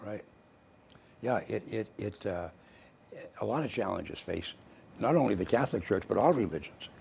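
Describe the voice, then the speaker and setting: Older male host, low and gravelly, chatty, meandering storyteller. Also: expressive, moderate pace, a little mellow, a little hiss or hum. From Massachusetts, US. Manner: rambling storyteller, many restarts. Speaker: TV show host. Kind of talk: casual interview chat. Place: local cable TV studio.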